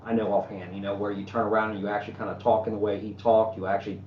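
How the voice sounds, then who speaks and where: A man's voice: fairly low pitch, little pitch movement, racing. A man hosting an interview, asking questions in a conversational, prompting way. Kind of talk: casual interview talk. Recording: echoey, dull lo-fi with faint noise.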